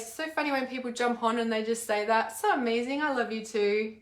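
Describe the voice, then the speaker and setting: A woman with a bright, somewhat high voice chats on a live stream, reading comments aloud and ranting bluntly, swearing freely and repeating words for emphasis. The sound carries a roomy echo. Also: brisk, few pauses. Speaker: intuitive healer and mentor hosting a live stream.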